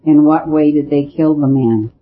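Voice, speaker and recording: A man's voice: on the high side, moderate pace, faint music behind, close to an everyday voice. A man voicing the priest's blunt, gloomy friend, who explains things in a matter-of-fact way. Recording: dull lo-fi recording with faint hiss.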